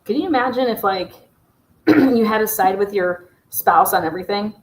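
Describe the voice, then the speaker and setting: A woman hosting a casual livestream, ranting in a profane, exasperated and sarcastic way, her voice slightly hoarse. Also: medium pitch, normal speed, reverberant, rough recording. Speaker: true crime livestream host.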